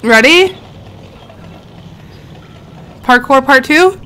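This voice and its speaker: A woman's voice: high voice, lively intonation, extremely slow, a bit bright. A woman streamer giving chatty, jumpy let's play commentary, talking to her viewers and shrieking when startled. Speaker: gaming streamer.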